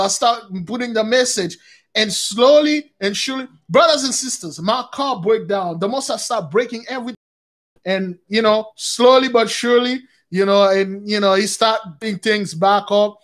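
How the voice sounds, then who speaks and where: High-voiced man giving rambling testimony. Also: normal speed, fairly bright tone. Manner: rambling, with frequent restarts, addressing listeners as brothers and sisters. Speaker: religious YouTube channel host. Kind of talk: casual spoken testimony.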